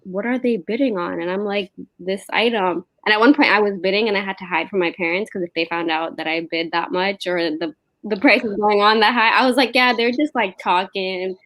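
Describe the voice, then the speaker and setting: A young woman chatting as a guest on a livestream, excited and talkative. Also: mid-range voice, a little fast, no room sound. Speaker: guest panelist. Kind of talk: casual livestream chat.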